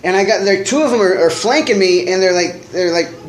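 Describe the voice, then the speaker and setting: A man's voice: high voice, a little fast. A man telling a long personal story in a casual, rambling way, full of fillers and laughs. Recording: roomy echo, faint noise.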